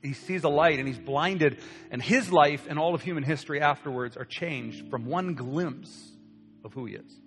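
A young man preaching, telling a personal story with lively acted-out voices. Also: a little high, moderate pace. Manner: animated storyteller acting out quoted voices. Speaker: pastor. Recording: long hall reverb with soft guitar.

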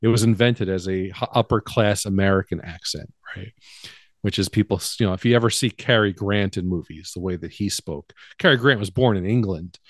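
A man's voice: lowish voice, fairly quick, no room sound. Middle-aged male co-host, rambling and chatty, dry booth sound. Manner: rambling, chatty, drifts off mid-thought. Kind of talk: casual chat about a film.

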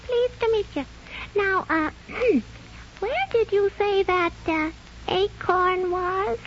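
Squeaky, sassy, grouchy squirrel for an old radio play, slow taunting delivery, muffled lo-fi sound with faint hiss. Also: fairly bright tone, exaggerated voice. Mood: scheming. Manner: taunting sing-song rhymes, hoarse chuckles. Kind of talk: 1930s radio drama acting.

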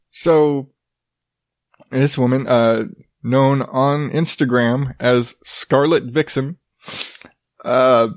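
His voice is fairly high-pitched, captured in a dry, clean studio recording. The man, in his thirties, hosts a podcast full of profanity, sarcasm and laughter as he mocks bizarre news items.

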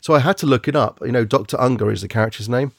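A man's voice: mid-range voice, rapid-fire, gravelly, no echo, clean studio sound. A man hosting a casual chat about movies, rambling and joking as he goes. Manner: rambling, jokey, trails off.

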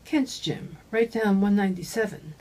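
A woman voicing a breathy, drunk old man over seventy who rambles on in an audiobook reading. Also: mid-range voice, normal speed, dark tone, natural voice, low-quality recording. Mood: helpful. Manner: rambling, slurred by drink.

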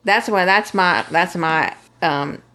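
A woman's voice: fairly low pitch, slow pace, pushed and bright. A woman co-hosting a podcast, chatting casually about a soap opera and quoting the characters. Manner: chatty, agreeing, quotes characters with laughs. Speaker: podcast co-host, newer viewer.

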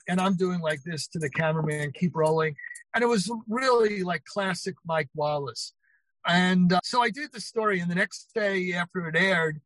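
Older male guest, high-pitched, spins anecdotes with quoted voices, close dry mic. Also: dry recording, low-quality recording. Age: 60s. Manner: animated retelling with quoted voices. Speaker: author guest. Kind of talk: anecdotal interview storytelling.

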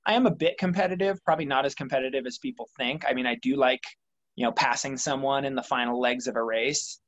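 A man's voice: medium pitch, quick pace, dull audio. A young adult man answering interview questions about his motivation, thoughtful and rambling with many fillers. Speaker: interview guest, triathlete. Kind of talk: reflective conversational interview.

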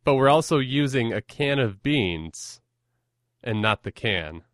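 A man's voice: medium pitch, animated, unhurried, fairly bright tone, dry recording, clean studio sound. A young man hosting a podcast in casual, self-deprecating chat, rambling and often laughing. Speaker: podcast host.

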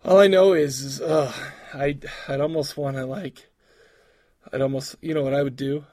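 A man's voice: a little high, steady tone, normal speed, darkish tone. A man co-hosting a casual podcast chat, talking in rambling bursts with lots of restarts and laughs. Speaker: podcast co-host.

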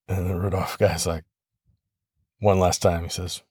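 A man hosting his own podcast, retelling a film story in a relaxed, conversational way with soft laughs and small restarts. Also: deep voice, moderate pace, breathy edge, no room sound, studio quality. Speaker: podcast host. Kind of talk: casual solo podcast storytelling.

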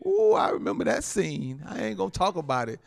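A man preaching as a pastor, animated and laughing often, with frequent amens. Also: sits high, fairly quick, creaky. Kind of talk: sermon.

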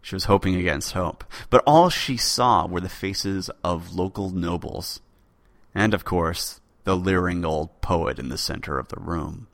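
A man's voice: low-pitched, measured pace, vocal fry, dry recording. A man hosting a podcast, telling an old legend in a dramatic read-aloud style. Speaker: podcast host narrator. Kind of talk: storytelling narration.

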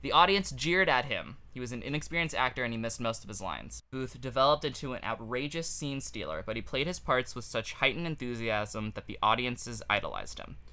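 Bright-voiced man telling history jokingly. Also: medium pitch, animated, fairly quick, few pauses, smooth. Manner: jokey, loose, laughs at his own lines. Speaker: podcast co-host. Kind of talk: casual history storytelling.

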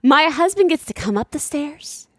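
A woman's voice: high voice, expressive, normal speed, a bit bright, no room sound, studio quality. A woman in her thirties chatting casually, emphatic and indignant as she gives her side. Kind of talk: casual chat.

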